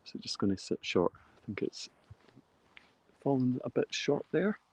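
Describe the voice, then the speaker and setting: A man giving live play-by-play commentary outdoors on a golf course, steady and descriptive, lifting on big shots. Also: mid-range voice, a little slow, husky, no room sound.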